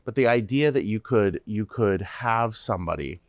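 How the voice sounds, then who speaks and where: A startup CEO guesting on a podcast interview talks animatedly, often restarting sentences and repeating words. His voice is lowish, his pace normal, and the recording has no room sound.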